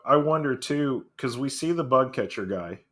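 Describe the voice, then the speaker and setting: A man co-hosting a podcast, talking in a relaxed, thoughtful way about a comic. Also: medium pitch, moderate pace. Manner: relaxed, thoughtful, laughs easily. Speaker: podcast co-host. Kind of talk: casual chat about a comic.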